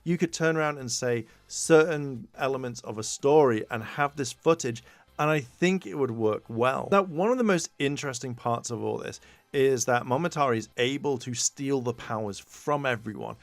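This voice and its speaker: Here a mid-range male voice at a moderate pace, free of echo, casually reviews a tokusatsu episode on a podcast he co-hosts. He rambles with lots of fillers and loosely acts out the characters' lines.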